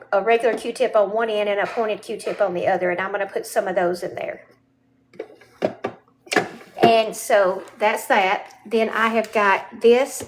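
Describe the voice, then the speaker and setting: A woman's voice: mid-range voice, heavy background noise. A woman giving a casual show-and-tell of her home furnishings, chatty and often checking in with the viewer. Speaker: home vlogger. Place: indoors at home.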